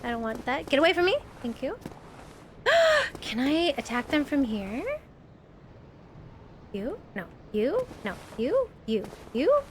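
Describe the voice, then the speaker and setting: A woman's voice: high-pitched, very animated, measured pace, a little hiss or hum. A woman streaming a game live, panicking and laughing as she talks to her chat. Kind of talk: live gameplay commentary.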